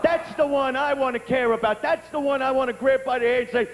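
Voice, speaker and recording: A man doing a stand-up comedy set, brash and profane, often breaking into shouts. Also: very high voice, fairly even intonation, fairly quick, few pauses, over a noisy crowd. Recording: long reverb, faint background noise.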